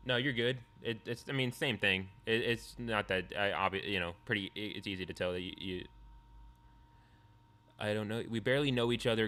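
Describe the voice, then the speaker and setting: A man's voice: fairly low pitch, brisk, pushed and bright. A man streaming, musing aloud and answering his chat in a reaction commentary.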